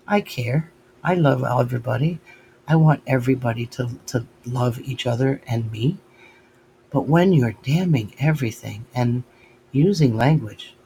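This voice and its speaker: An older man giving a reflective, halting spiritual monologue and retelling his talks with God. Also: mid-range voice, a little mellow, slight background noise, poor audio. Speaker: speaker sharing spiritual reflections.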